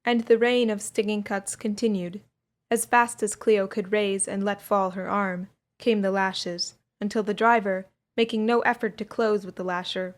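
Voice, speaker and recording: A woman's voice: medium pitch, steady tone, moderate pace. Young woman reading an old adventure tale. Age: young adult. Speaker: audiobook reader. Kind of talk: audiobook narration of a 19th-century adventure.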